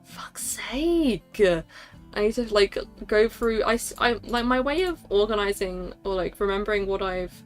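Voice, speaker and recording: A woman's voice: mid-range voice, fairly even intonation, a little fast, hardly any pauses, faint music behind. Scattered, laughing woman streamer. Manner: scattered, self-interrupting, laughs often. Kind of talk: casual livestream chat.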